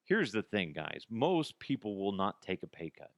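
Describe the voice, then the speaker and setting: A man's voice: on the low side, big pitch swings, normal speed, vocal fry, no echo, studio quality. A man hosting his own podcast, ranting in a blunt, mocking way with lots of restarts. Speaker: podcast host. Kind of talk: casual solo podcast rant.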